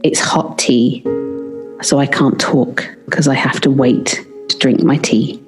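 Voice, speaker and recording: A woman's voice: a bass voice, steady tone, measured pace, faint music behind. A British woman who works as a midwife, telling a story in a podcast interview and acting out the dialogue she quotes. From Britain. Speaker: midwife guest.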